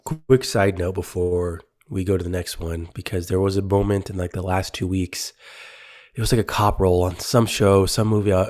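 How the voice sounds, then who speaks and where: A man's voice: deep voice, steady tone, normal speed, a little mellow. A young man co-hosting a casual movie podcast, rambling with many fillers and restarts. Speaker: podcast co-host. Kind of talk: casual chat.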